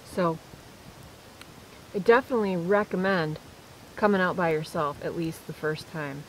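Woman vlogger, casual and animated, telling camp stories outdoors with a faint hiss. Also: fairly low pitch, unhurried, low-quality recording. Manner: chatty, animated storyteller. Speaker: solo camping vlogger. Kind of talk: casual storytelling to camera. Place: outdoors in the woods at night.

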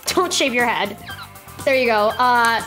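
High-voiced young woman streamer. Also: lively intonation, unhurried, over music. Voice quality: profane, rambling. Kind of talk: casual live-stream chat.

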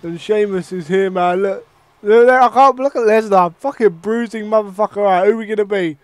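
Young man from Ireland, very high voice, excitable and sweary, game commentary. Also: fairly quick, dry recording, soft background music. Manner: excitable, swearing, mock ring-announcer bursts. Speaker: gaming commentator.

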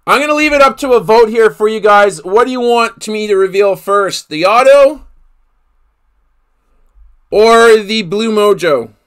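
A man's voice: high voice, expressive, unhurried, fairly bright tone, clean tone. A man hosting a live card break, calling out each player he pulls and exclaiming over the big hits. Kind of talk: live card-opening commentary.

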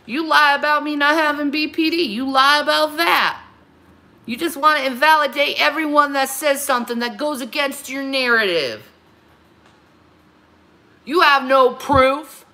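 A woman in her thirties rants on a livestream, talking back to her critics in a heated, confrontational way. Her voice sits a little high and comes out bright and forceful. She hammers her points by repeating the same phrases. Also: a little slow. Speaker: livestream host. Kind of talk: angry livestream rant answering critics.

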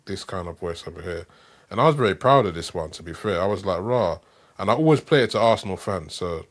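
British voiceover guy, lowish voice, laid back chat, keeps saying yeah. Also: fast talker. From Britain. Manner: relaxed, agreeable, lots of "yeah". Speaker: voiceover artist, guest. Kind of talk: casual podcast chat.

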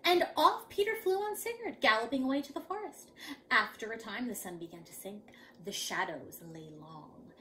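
Animated woman reading to children. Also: a little high, moderate pace, slight background noise. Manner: animated, dramatic. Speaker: children's storyteller. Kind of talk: reading a picture book aloud to children.

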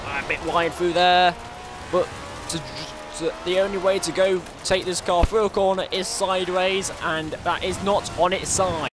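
A man excitedly commentating his own racing game play, breaking into strings of repeated exclamations. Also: high voice, moderate pace, background noise. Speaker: gaming streamer. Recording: game music behind.

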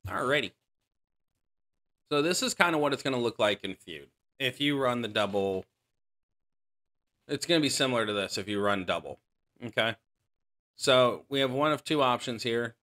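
A man's voice: mid-range voice, expressive, moderate pace, long pauses, pushed and bright. A man hosting a mobile game channel, giving casual gameplay commentary that explains strategy and often corrects himself mid-sentence. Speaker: gaming channel host.

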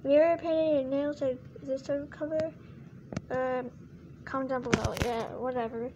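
A woman's voice: high-pitched, steady tone, normal speed, background noise. A female vlogger chatting casually to camera about her toy collection, rambling with lots of fillers and restarts.

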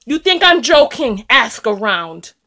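A woman's voice: fairly high pitch, big pitch swings, measured pace, pushed and bright. A woman from the United States giving a heated video commentary, driving her points home by repeating phrases. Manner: emphatic, repeats phrases for force. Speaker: YouTube commentator.

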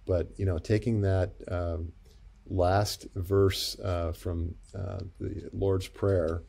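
A man speaks as a pastor-psychologist guest in a gentle, reflective way, often pausing on fillers. His voice is low and mellow, warm rather than bright. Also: level tone, gravelly. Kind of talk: interview conversation.

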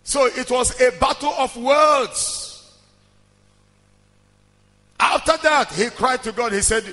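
A male preacher delivering a fervent sermon, often shouting and chanting phrases rhythmically. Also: very high voice, slow pace, long pauses, big-room sound.

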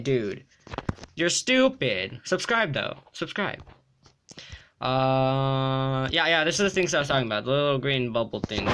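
A young man giving excited gameplay commentary, jumping between mumbling and sudden yelps and shrieks. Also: medium pitch, measured pace, slight background noise. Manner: jumpy, yelps and shrieks when threatened. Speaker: gaming YouTuber.

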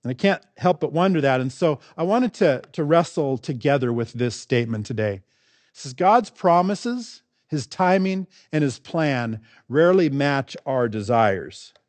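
A man's voice: on the high side, expressive, a little slow, darkish tone, dry recording. A man preaching a sermon as pastor, earnest and full of rhetorical questions.

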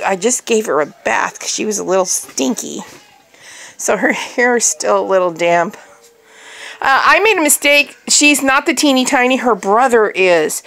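A woman at home, filming her new puppy on her bed, chatting and slipping into sing-song baby talk and soft whispers. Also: on the high side, expressive, normal speed, vocal fry. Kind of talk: casual home video narration with baby talk. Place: bedroom at home.

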